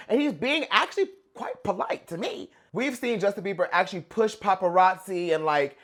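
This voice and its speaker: A young man giving casual pop culture reaction commentary in an animated, gossipy way. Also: high voice. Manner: animated, gossipy, dramatic outbursts.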